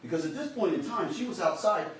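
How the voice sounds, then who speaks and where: A man's voice: high voice, expressive, fast talker, slight background noise. A man giving a prosecutor's closing argument to a jury, pressing and repeating his points. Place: courtroom. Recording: echoey courtroom, voice from far off.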